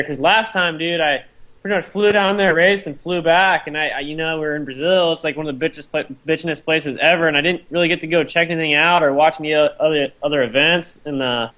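A man's voice: a little high, fairly bright tone, low-quality recording. A young man from Arizona, a guest racer, chatting in a laid-back, slangy and hesitant way. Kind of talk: casual chat.

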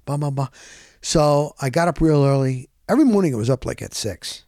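A middle-aged man hosting a podcast, telling a rambling story in a casual, animated way and often correcting himself. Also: a little high, brisk, dry recording, studio quality. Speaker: podcast host.

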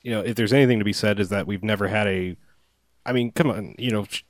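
Deep-voiced guy talking movies fast, rambly, swears a lot, dry close mic. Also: no echo. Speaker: podcast co-host. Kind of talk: casual movie chat.

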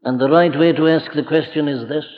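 A man's voice: on the high side, fairly even intonation, a little fast. A man preaching an earnest, emphatic sermon full of rhetorical questions, with an old lo-fi recording. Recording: dull lo-fi archive recording in a reverberant hall.

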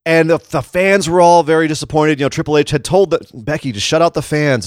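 Animated man recapping wrestling, dry mic. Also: fairly high pitch, fairly quick, hardly any pauses, dry recording. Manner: animated, quotes wrestlers in put-on voices. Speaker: podcast co-host. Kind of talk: casual wrestling chat.

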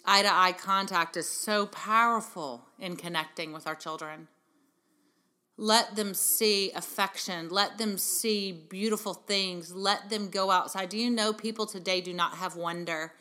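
A middle-aged woman, a podcast host and parenting speaker, gives a heartfelt motivational talk to mothers. Her medium-pitched voice is steady and sharp, moving at a measured pace. She sounds earnest and encouraging and asks many rhetorical questions.

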